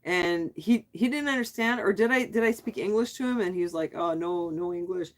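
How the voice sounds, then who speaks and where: Speaking fairly quickly in a voice on the high side, a middle-aged woman runs a casual livestream, reading comments aloud, asking her viewers questions in return, and laughing often.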